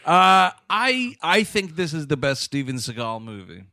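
A man co-hosting a podcast, talking in a loose, rambling way and breaking into laughter. His voice sits a bit high and swoops around a lot. The sound is dry and close. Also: a little slow, creaky, no echo. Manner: animated, laughing, rambling with fillers. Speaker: podcast co-host. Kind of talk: casual comedic chat.

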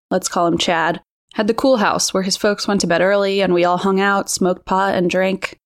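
A woman in her thirties narrates a first-person true story in a mid-pitched voice. She keeps a measured pace and slows down when it turns tense. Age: 30s.

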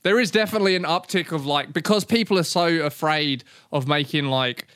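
A man's voice: fairly high pitch, a little fast, fairly bright tone, clean tone, no echo. A man co-hosting a podcast, bantering playfully and joking with friends. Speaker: podcast co-host. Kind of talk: casual banter.

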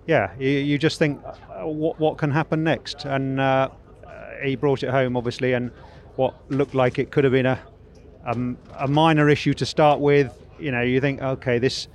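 Race engineer guy, pauses a lot, sounds relieved, interviewed outside. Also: medium pitch, little pitch movement. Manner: relieved, halting, many fillers. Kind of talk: quick interview. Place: outdoors in a racing paddock.

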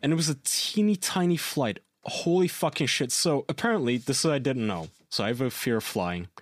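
A man co-hosting a casual podcast, telling animated stories, swearing freely and laughing at his own tales. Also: medium pitch, fairly quick, no echo. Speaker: podcast co-host. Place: lives in Germany.

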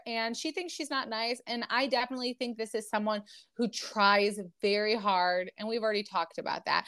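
A young woman co-hosts a podcast with a mid-range, slightly bright voice and clean tone. She rambles through a casual recap, full of fillers and restarts.

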